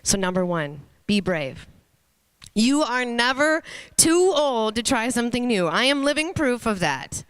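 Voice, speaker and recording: A woman's voice: on the high side, very animated, a bit bright, clean tone, no echo. Earnest woman speaker, dry close sound. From Minnesota, USA. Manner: earnest, storytelling, pauses for emphasis. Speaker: motivational speaker. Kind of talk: inspirational stage talk. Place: stage before an audience.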